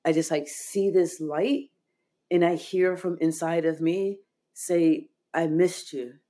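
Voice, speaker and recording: A woman's voice: lowish voice, steady tone, takes it slowly, warm tone. Earnest woman telling a personal story. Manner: earnest and heartfelt, with frequent "like" fillers. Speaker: podcast guest.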